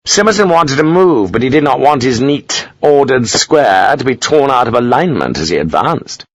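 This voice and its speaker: A man reading an audiobook in a measured, expressive narration. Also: lowish voice, dry recording, poor audio. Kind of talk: scripted narration.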